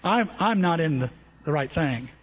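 Pastor guy preaching, lively and chatty, kinda husky high voice, dull lo-fi sound with big hall echo. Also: normal speed. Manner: animated, conversational preaching with rhetorical questions. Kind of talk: sermon. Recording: lo-fi with long hall reverb.

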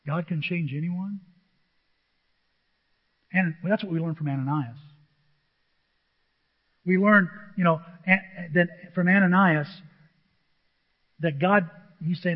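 A man's voice: sits high, measured pace, long pauses. A male pastor preaching a sermon with emphasis, often firing questions at the congregation. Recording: dull echoey church recording.

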